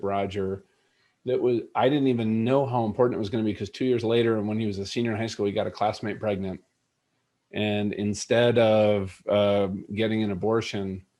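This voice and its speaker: In a conversational storytelling interview, a middle-aged leadership coach shares a personal story with earnest reflection and plenty of fillers. His voice is on the low side with a darkish tone.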